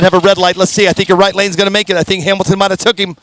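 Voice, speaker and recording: A man's voice: high-pitched, level tone, racing, fairly bright tone, dry recording. Man, race announcer, upbeat and folksy, strained voice, dry close sound. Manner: upbeat, folksy, fumbles names. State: strained voice, clearing throat. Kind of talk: live drag racing commentary. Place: at a racetrack.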